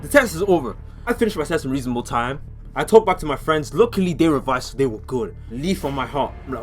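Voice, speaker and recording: A young man recounts a school story to a laptop camera, his voice climbing and falling in wide, lively swings. He shifts from hushed, low narration to shrill, shouted mock panic. A faint bed of music sits behind him. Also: quick pace. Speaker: vlogger. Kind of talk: animated storytime. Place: room at home. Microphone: laptop camera mic.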